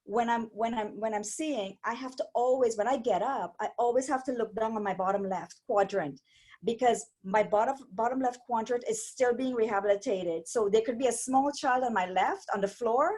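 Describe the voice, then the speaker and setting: A woman, a stroke survivor telling her story as an interview guest in a rambling, animated way with many restarts. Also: a little high, normal speed. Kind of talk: casual interview chat.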